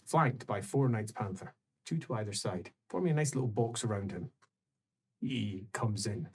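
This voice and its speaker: A man serving as game master, narrating an improvised tabletop game with unhurried, descriptive narration. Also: on the low side, expressive, a little mellow, husky.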